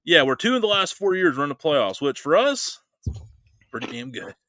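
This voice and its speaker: A man hosts a loose, joking podcast chat. His voice is bright and forceful, and the sound is dry and close. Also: on the high side, brisk, dry recording. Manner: joking, animated storyteller. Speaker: podcast host. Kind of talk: casual chat.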